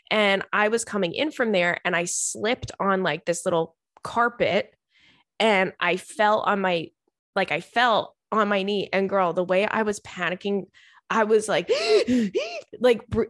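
A young adult woman hosting a podcast, chatting casually and telling animated stories with frequent laughs and swearing. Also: mid-range voice, no echo, clean studio sound. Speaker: podcast host reading listener stories. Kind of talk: casual chat.

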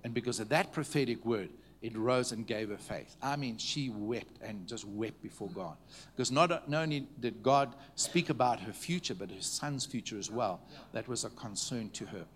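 A man preaching to a congregation, telling stories in a conversational way, checking in with the listeners and dropping to a hushed tone at tender moments. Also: medium pitch, moderate pace, slight background noise. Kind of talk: storytelling sermon. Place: church meeting before a live audience.

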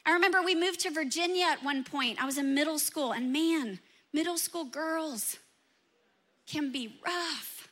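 A woman pastor preaching a lively sermon, talking straight to the congregation with questions. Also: high voice, measured pace.

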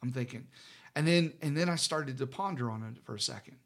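A middle-aged man, a pastor, telling a personal story in casual conversation, halting with many fillers and restarts. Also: on the high side, vocal fry.

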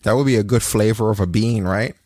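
A man's voice: fairly quick, a little mellow, dry recording, clean studio sound. A man co-hosting a casual podcast, recapping wrestling in a rambling way with frequent fillers. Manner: rambling, swears, breaks into high laughing rants. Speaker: podcast co-host.

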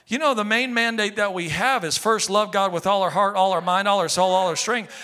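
A male pastor preaching a sermon with passion, swinging from shouted cries down to hushed, quiet appeals. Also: high voice, brisk.

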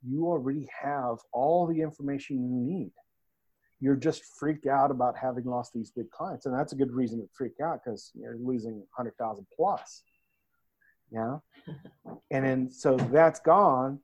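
A man's voice: mid-range voice, measured pace, darkish tone, slightly rough, lo-fi sound. A man, a coach, talking casually and telling stories in which he quotes the people he advises. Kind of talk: casual podcast talk.

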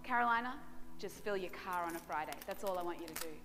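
A woman's voice: fairly low pitch, quick pace, fairly bright tone. A woman pastor preaching a sermon with passion and emphasis, repeating key lines. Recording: reverberant hall with music behind.

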